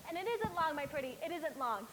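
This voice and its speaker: Teen girl as a gloating witch, quick high voice, mock-sweet taunts, noisy school stage tape. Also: lively intonation. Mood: menacing. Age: teens. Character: cruel scheming witch woman, gloating and menacing. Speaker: student actor.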